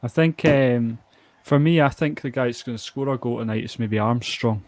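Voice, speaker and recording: A man's voice: mid-range voice, normal speed, a little mellow, no room sound. A Scottish man co-hosting a live football watch-along, chatting casually, opinionated and laughing often. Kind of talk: casual live match chat.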